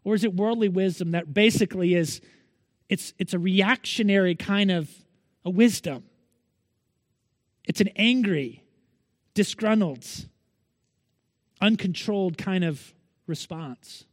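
A man's voice: sits high, measured pace, pauses often, no echo, in a large hall. A male pastor preaching a Sunday sermon in an earnest manner, pressing his listeners with repeated rhetorical questions.

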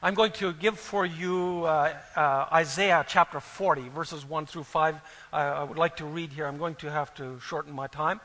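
Earnest preacher, high bright voice. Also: male voice, normal speed, in a large hall, rough recording. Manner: earnest, swelling louder on key phrases. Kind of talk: sermon with scripture reading.

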